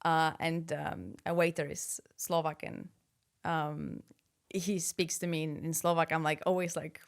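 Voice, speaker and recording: A woman whose first language is Polish, a podcast guest telling stories in casual conversation, animated, with frequent restarts. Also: sits low, a little slow, creaky. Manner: animated storytelling with laughs and restarts. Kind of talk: casual interview chat.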